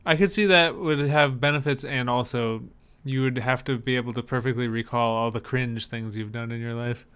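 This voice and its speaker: Smooth-voiced man joking on a podcast. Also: medium pitch, fairly even intonation, normal speed, fairly bright tone. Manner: joking, speculative. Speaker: podcast co-host. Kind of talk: casual chat.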